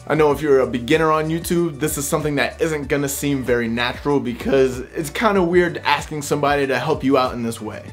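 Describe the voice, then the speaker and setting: A man's voice: fairly high pitch, fast talker, hardly any pauses, faint music behind. Man giving straight-talking video tips. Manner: direct, conversational, speaks off bullet points. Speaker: YouTube creator giving tips. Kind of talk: casual talking-head tutorial.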